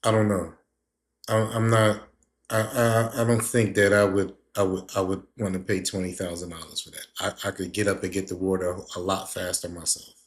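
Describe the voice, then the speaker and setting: A man's voice: low-pitched, flat delivery, moderate pace. A man hosting a reaction video, talking casually and skeptically, rambling and repeating words as he thinks aloud.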